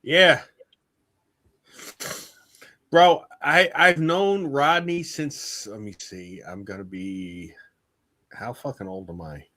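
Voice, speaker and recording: Brief: man in his 40s, tipsy, swearing, loose streetwise storyteller, bright dry voice. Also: medium pitch, steady tone, slow, long pauses, no room sound. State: drunk. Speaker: guest on a live stream. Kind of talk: casual chat.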